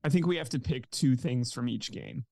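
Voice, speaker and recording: A man lays out his sports opinions in long, earnest runs, pushing his argument forward. His voice is mid-pitched, and the sound is dry and close with no echo. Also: moderate pace, vocal fry, darkish tone. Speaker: podcast co-host. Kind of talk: casual sports betting chat.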